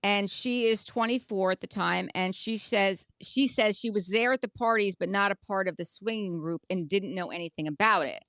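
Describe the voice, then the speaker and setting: A woman's voice: medium pitch, normal speed, hardly any pauses, a bit bright, no room sound. Female podcast co-host, casual recap chatter, dry close sound. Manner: chatty, recounts details at length. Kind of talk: casual chat recapping a reality show.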